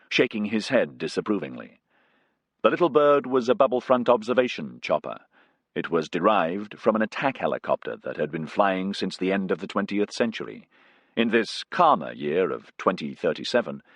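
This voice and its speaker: A man narrating a science fiction audiobook in an expressive reading style. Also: fairly low pitch, no echo.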